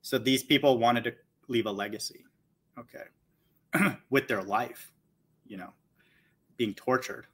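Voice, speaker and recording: A man's voice: medium pitch, measured pace, long pauses, fairly bright tone, breathy edge. A man hosting a Bible channel, reading scripture aloud and commenting on it in a blunt, scornful way, repeating "okay" between his points. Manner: blunt and insulting, mocks listeners.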